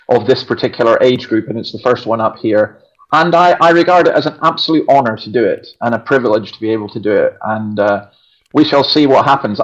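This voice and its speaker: A man's voice: mid-range voice, highs cut off. A man with a Scottish accent, a pastor, talking emphatically and with strong opinions in a casual chat. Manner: emphatic, opinionated, self-deprecating humor.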